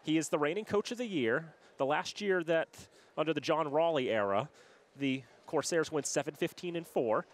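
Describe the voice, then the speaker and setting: A man's voice: on the high side, lively intonation, normal speed. A young man from New calling a college hockey game on local access TV, rattling off stats in a conversational style. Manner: stat-heavy, conversational, shouts on goals. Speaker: play-by-play commentator. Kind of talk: sports broadcast commentary.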